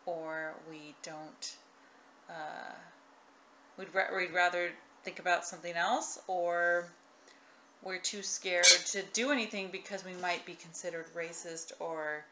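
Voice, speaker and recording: A woman co-hosting a casual talk show, emphatic and quick to chime in with agreement. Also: lowish voice, fairly even intonation. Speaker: co-host. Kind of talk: casual conversational chat. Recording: lo-fi recording with faint noise.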